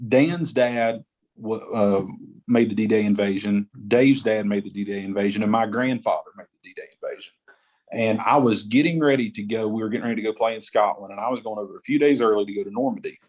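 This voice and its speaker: A man's voice: fairly low pitch, brisk, muffled recording. A man from West Virginia, a gospel singer, talking casually as a podcast guest and rambling with lots of restarts. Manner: rambling, restarts often, says "like" a lot. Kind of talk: casual interview chat.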